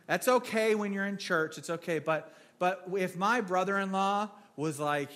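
A man gives a laid-back sermon in church, talking like he's swapping stories with friends. His voice sits a little high for a man, and he jokes and restarts phrases as he goes. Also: moderate pace, a bit bright. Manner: joking, storytelling, frequent restarts. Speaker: preacher. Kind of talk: casual conversational sermon.

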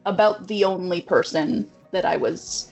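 A woman playing in a tabletop role-playing game, describing her character's actions quickly with frequent laughs. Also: fairly low pitch, a little mellow, faint music behind, rough recording. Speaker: player. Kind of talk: casual role-play chat.

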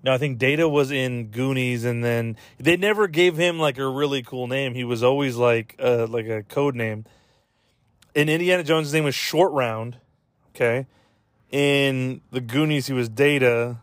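A man's voice: medium pitch, normal speed, no room sound. Sweary, rambling man on a podcast. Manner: rambling and sweary, with many fillers. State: choked up, close to tears. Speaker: podcast host. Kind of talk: casual podcast chat.

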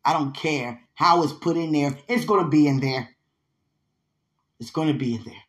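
Here a young woman with a low voice talks to her partner at a moderate pace, delivering a spiritual monologue full of emotion. Heartfelt and often tearful, she shifts between outbursts and hushed remarks.

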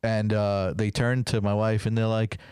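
A man's voice: fairly low pitch, flat delivery, moderate pace, a little mellow, clear, resonant tone, dry recording. A man hosting a podcast, swearing freely and laughing as he tells stories in crude casual banter. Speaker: podcast host. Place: small studio with equipment.

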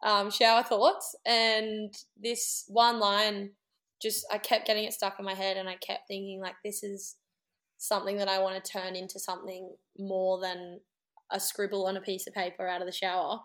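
Relaxed Australian woman musician. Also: mid-range voice, normal speed. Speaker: band member, guest. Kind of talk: casual chat.

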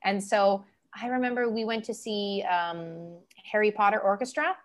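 A woman from Canada telling stories in a casual chat, acting out the people she quotes and laughing often. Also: moderate pace. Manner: animated, acts out quoted people in higher voices, laughs often.

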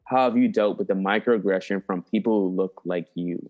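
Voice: sits low, brisk, narrow, tinny audio. A podcast host interviewing a guest in casual chat, hyped and exclamatory, cheering the guest on.

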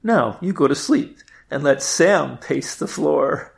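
A priest voicing a brisk, practical wife who shouts to a neighbor from a window. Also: male voice, a little high, expressive, gravelly, exaggerated voice. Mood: brisk bold. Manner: brisk, loud, no-nonsense. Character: bold, practical wife, middle-aged.

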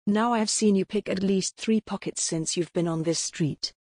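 A woman voicing a rough-born male police inspector who talks bluntly and with threats, in a husky voice. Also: mid-range voice, moderate pace, a little mellow, dry recording, clean studio sound, natural voice.

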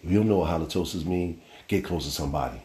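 A man's voice: sits low, rapid-fire, warm tone, reverberant. A man hosting a casual solo podcast, telling stories in a loose, rambling way with slang and the odd curse. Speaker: podcast host.

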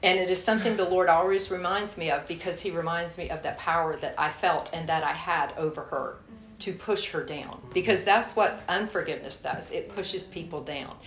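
A woman giving a sermon and telling personal stories in a lively way, acting out her own anger. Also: on the low side, moderate pace. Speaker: guest speaker. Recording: echoey room.

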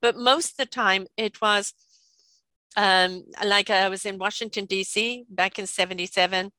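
A British woman in her sixties telling stories in a chatty, lively way, often laughing and checking in with "right?". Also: medium pitch, normal speed, no room sound. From Britain. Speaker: guest. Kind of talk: casual storytelling conversation.

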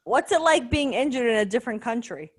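Young woman cohost, slightly high voice, easygoing, asks the questions. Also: expressive, a little fast, husky. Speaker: podcast co-host. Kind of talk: casual chat.

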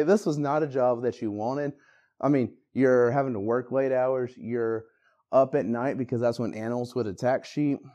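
A man preaching a casual, conversational Christmas sermon, acting out the people in the story with bursts of energy. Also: medium pitch. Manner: animated, conversational, acts out quotes with bursts of energy. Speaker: pastor.

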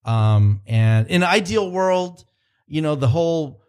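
Slightly high and expressive, the man's voice is smooth, a little mellow, and a bit slow. He's a cultural consultant and consulting producer chatting in a casual podcast interview, spinning long stories full of fillers and restarts.

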